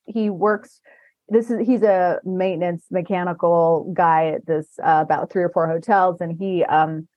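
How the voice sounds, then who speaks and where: A woman's voice: medium pitch, mellow, no echo. A woman podcast host telling rambling anecdotes in a casual chat, often laughing as she talks. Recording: dull dry lo-fi recording.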